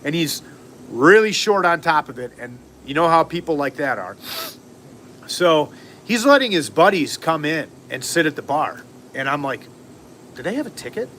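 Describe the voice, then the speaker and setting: A man telling a long story on a casual livestream, rambling and animated, acting out what people said. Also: a little high, normal speed, a little hiss or hum. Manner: rambling, animated, acts out quotes.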